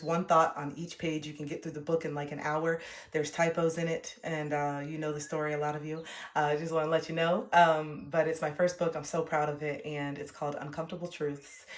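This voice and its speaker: A woman in her thirties, a relationship coach, giving blunt, emphatic motivational talk on a livestream and swearing freely. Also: low-pitched. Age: 30s.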